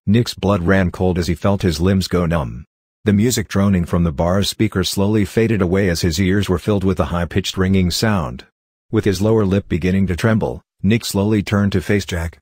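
A man reading a scripted horror story in a measured, even way. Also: sits low, breathy edge, no room sound, studio quality. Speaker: narrator.

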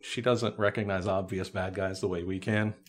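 A man's voice: sits low, fairly even intonation, moderate pace. A man co-hosting a podcast, recapping a TV episode in casual chat with dry, joking asides. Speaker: podcast co-host.

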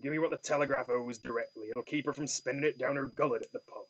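A man's voice: mid-range voice, fairly even intonation, fast, highs cut off, close to an everyday voice. A man voicing a grasping male lodging-house manager who talks bluntly and haggles over money. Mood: grumbling.

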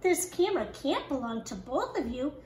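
A woman voicing a calm schoolteacher in a children's story, gentle and even. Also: high-pitched, moderate pace, echoey room, slight background noise.

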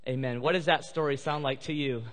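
A man's voice: a little high, fairly even intonation, a little fast, fairly bright tone. A male pastor preaching a sermon and telling a story with emotion, at times tearful. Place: church sanctuary. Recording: live church hall reverb.

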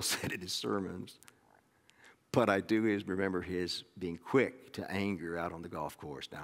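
A middle-aged man from Oklahoma, preaching a sermon in a folksy storytelling way with many restarts. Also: low voice. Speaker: pastor. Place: church sanctuary. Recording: long sanctuary reverb.

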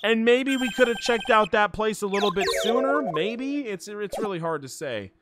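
A man's voice: high voice, lively intonation, moderate pace, heavy background noise. A man giving casual let's play commentary while he plays, swearing freely as he talks. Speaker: streamer. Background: game music.

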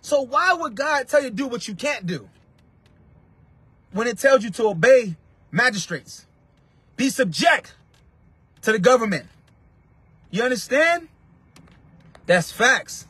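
High-voiced, husky man preaching fiery. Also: sing-song, unhurried, pauses often, no room sound. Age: 30s. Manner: forceful, repetitive, bursts into shouting. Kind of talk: fiery street-style preaching.

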